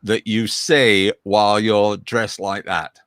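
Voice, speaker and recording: A man hosting a casual interview over a video call, prompting his guest in a relaxed, wry way. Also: fairly low pitch, takes it slowly, dry recording, clean studio sound. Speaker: host.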